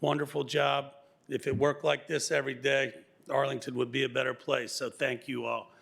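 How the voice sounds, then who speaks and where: Gravelly man at a podium mic, appreciative public commenter. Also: medium pitch, little pitch movement, moderate pace, a bit bright. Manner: grateful, appreciative. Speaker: public commenter, local business owner. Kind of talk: public comment at a county meeting. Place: county board meeting room.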